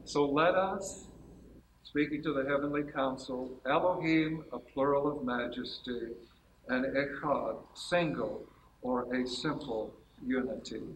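A man's voice: mid-range voice, unhurried, roomy sound, a little hiss or hum, rough recording. A man giving a lecture-style Bible teaching to a gathered group, laying out numbered points methodically and correcting himself as he goes. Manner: methodical, enumerates points, frequent self-corrections. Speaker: speaker giving a Bible talk.

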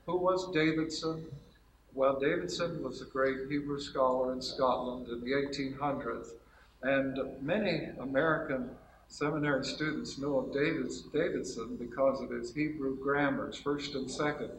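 Speaking at medium pitch with fairly even intonation and a moderate pace, a man delivers a lecture-style Bible talk to a gathered group. He methodically lays out numbered points and often corrects himself. The rough recording is reverberant, with slight background noise.

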